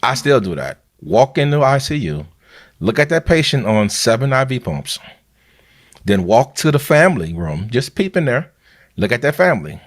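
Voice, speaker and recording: A man's voice: medium pitch, sing-song, moderate pace. A man, a biomed manager and podcast host, giving earnest, heartfelt advice in a casual podcast chat.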